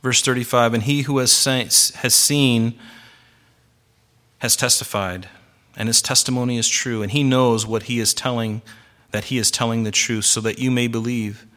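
Man, preacher, bright ringing voice, emphatic sermon delivery. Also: medium pitch, steady tone. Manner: emphatic, varies loudness and slows for stress. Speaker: pastor.

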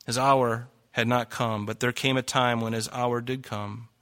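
A man's voice: mid-range voice, flat delivery, measured pace, fairly bright tone. A man preaching a sermon, reading scripture aloud and pressing his listeners with emphatic rhetorical questions. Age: adult. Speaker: pastor.

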